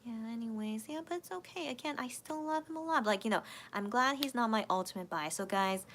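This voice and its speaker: A woman's voice: fairly high pitch, a little fast, a bit bright. A woman hosting a casual late-night livestream, reading viewer comments and thinking aloud hesitantly with many restarts. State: emotional, voice cracking near tears.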